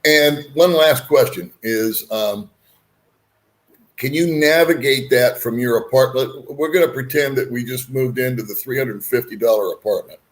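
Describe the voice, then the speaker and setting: A man's voice: mid-range voice, normal speed. A man hosting a casual chat, talking in a rambling, frank way with folksy asides. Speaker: host.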